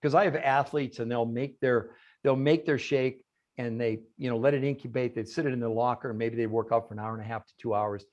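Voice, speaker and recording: A man's voice: mid-range voice, fairly even intonation, brisk, a little mellow, lo-fi sound. A man giving an emphatic talk on a video call. He asks rhetorical questions and answers them himself. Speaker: guest speaker on a call. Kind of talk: animated presentation on a group call.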